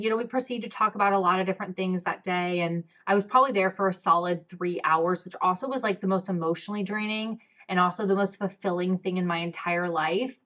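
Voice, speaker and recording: A woman's voice: on the low side, fairly bright tone. Young woman telling an emotional personal story. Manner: emotional, candid, many fillers like "like" and "um". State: close to tears. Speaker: podcast host.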